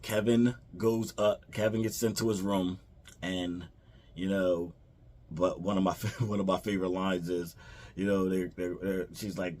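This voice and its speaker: A man's voice: deep voice, level tone, a little slow, a little mellow, slight background noise. A man casually retelling a film's plot for a review, rambling with fillers and restarts and quoting the characters. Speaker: movie reviewer. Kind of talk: casual movie recap.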